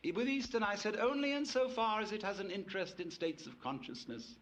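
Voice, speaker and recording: A man's voice: high voice, big pitch swings, a little fast, fairly bright tone. A man giving a public lecture to an audience, telling stories with wry, playful asides.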